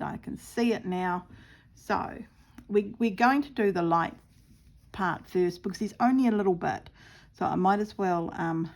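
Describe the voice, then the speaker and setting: A woman casually talking viewers through her stitching, chatty and quick to laugh at her own mishaps. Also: lowish voice, creaky, a little mellow. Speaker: craft vlogger.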